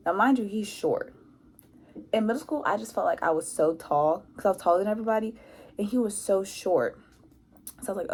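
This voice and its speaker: A young woman telling a casual storytime about her school days, animated and acting out what people said. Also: medium pitch, moderate pace, long pauses. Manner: animated, acts out quotes with lots of "like". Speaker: vlogger.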